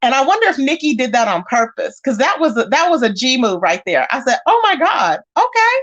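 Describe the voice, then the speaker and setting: High-voiced woman hosting live commentary. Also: quick pace, highs cut off. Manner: animated, talks straight to chat and calls people out. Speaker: livestream host. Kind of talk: casual commentary chat.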